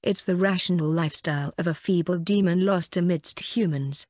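Low-voiced woman narrating an audiobook. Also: normal speed, darkish tone, no echo. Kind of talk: first-person light novel narration.

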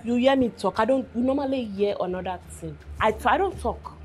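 A woman's voice: on the high side, fairly quick, lightly acted. A woman with a Nigerian accent playing a blunt, comic young tailor who scolds in broken English. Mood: teasing.

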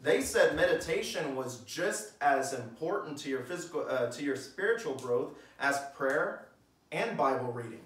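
A man's voice: medium pitch, animated, moderate pace, fairly bright tone. A man preaching a sermon in a conversational way, asking his listeners questions and reading scripture aloud in church. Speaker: pastor. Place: church hall. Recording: echoey room, mic at a distance.

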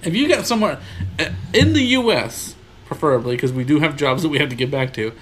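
A man co-hosting a casual podcast, talking in quick, lively, rambling bursts. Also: a little high, a little hiss or hum. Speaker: podcast co-host.

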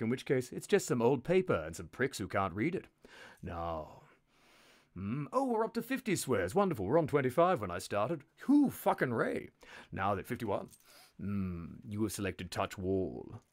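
Sardonic man with a swooping voice. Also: medium pitch. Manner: sardonic, mock-menacing, sweary. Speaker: host narrating a live text adventure game. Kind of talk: theatrical game narration to a live chat.

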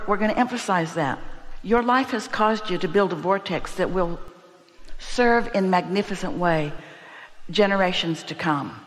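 A woman's voice: on the low side, moderate pace. A woman giving a spiritual teaching to a live audience, speaking as "we" in an emphatic, repetitive way. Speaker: inspirational seminar speaker. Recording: long hall reverb.

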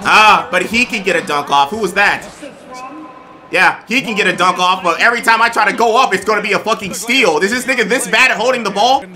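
A young man streaming a basketball video game, cursing and shouting in exasperation. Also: high voice, brisk. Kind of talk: live gameplay stream. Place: home streaming setup.

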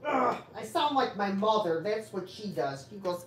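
A woman's voice: on the high side, expressive, normal speed, fairly bright tone. A woman hosting a live online sale, chatting casually with buyers and making rambling, self-deprecating asides. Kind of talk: casual live-stream selling chat.

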